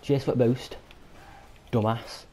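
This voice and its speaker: A man's voice: mid-range voice, fairly even intonation, takes it slowly, dark tone, slight background noise. A man with a Yorkshire accent, commentating while he plays a video game and swearing through frequent angry outbursts. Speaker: gamer. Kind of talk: gaming commentary.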